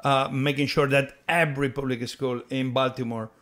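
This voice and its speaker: A man's voice: mid-range voice, level tone, normal speed, a bit bright. A man hosting a podcast interview, asking long questions and often searching for words and restarting phrases. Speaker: podcast host.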